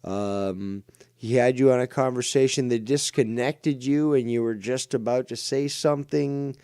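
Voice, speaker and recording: A male talk show host with a smooth, resonant voice recorded dry and close. He speaks hesitantly, filling gaps with ums as he recaps the topic. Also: medium pitch, fairly even intonation, unhurried, dark tone, no room sound. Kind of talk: casual talk show hosting.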